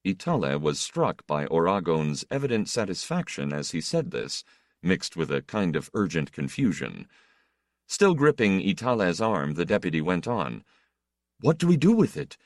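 A man narrating an audiobook in a measured, expressive reading. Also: deep voice, no echo, studio quality.

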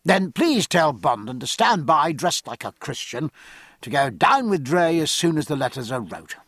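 A bluff, booming naval captain, voiced by a man reading a novel aloud. His speech swings up and down with lively energy, over a slightly husky tone. The sound is close and dry. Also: normal speed, dry recording, exaggerated voice. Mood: brisk. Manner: bluff, booming, old-fashioned sailor's talk.

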